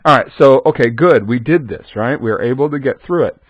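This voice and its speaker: A man's voice: mid-range voice, a little fast, husky, dry recording. A man gives a screen-recorded coding lesson, chatting with the viewer and answering his own asides. The recording is dry and slightly dull, with little room around the voice. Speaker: programming instructor.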